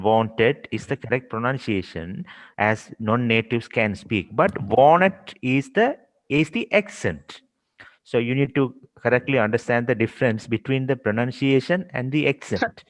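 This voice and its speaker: Man, class participant, halting explanations, long room echo. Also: mid-range voice. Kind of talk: online class discussion.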